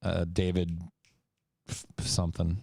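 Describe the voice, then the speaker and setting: A man's voice: low-pitched, monotone, measured pace, vocal fry, a little mellow, dry recording, clean studio sound. A man hosting a casual Q&A chat, joking and swearing in an offhand way. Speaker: host.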